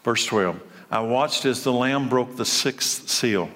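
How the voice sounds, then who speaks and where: A man preaching a sermon, his delivery lively and swinging between loud and soft. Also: mid-range voice, takes it slowly. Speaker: pastor. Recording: long hall reverb.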